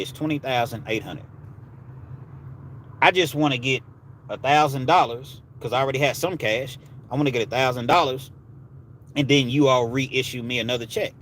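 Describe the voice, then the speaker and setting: A man's voice: medium pitch, a bit bright, a little hiss or hum. A man hosting a live stream, chatting casually with viewers and telling stories in a laid-back way with street slang. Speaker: livestream host. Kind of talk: casual storytelling and chat with viewers.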